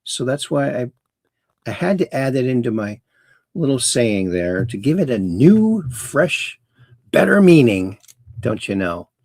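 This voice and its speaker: A man's voice: mid-range voice, sing-song, a little slow, darkish tone, no echo, studio quality. A man hosting a casual call-in livestream, chatty and rambling as he reads viewer messages aloud. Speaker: host.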